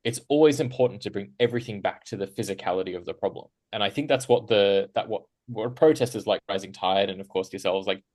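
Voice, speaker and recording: A man's voice: fairly low pitch, quick pace, few pauses. A man answering as a guest on a discussion panel, talking casually and rambling with lots of fillers, tag questions and small laughs. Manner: rambling, frequent "right?" tags and fillers; animated, laughs while talking.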